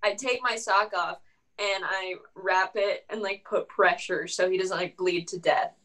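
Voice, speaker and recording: A woman's voice: mid-range voice, fairly even intonation, a little slow, a bit bright, rough recording. A woman playing a tabletop game, playful and joking. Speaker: player.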